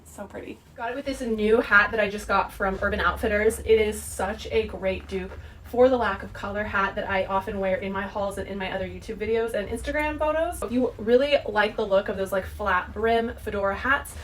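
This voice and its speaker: A woman's voice: medium pitch, brisk, hardly any pauses, a bit bright, slight background noise. A woman, chatting casually and bubbly through a clothing try-on haul, full of "like" and "sort of" fillers. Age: 30s. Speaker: fashion vlogger.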